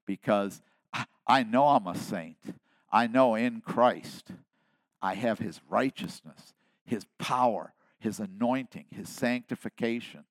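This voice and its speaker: A pastor in his seventies preaches a sermon in a low, unhurried voice, sinking to near-whispered asides before climbing to loud, emphatic declarations. The recording is dry and close, with no echo.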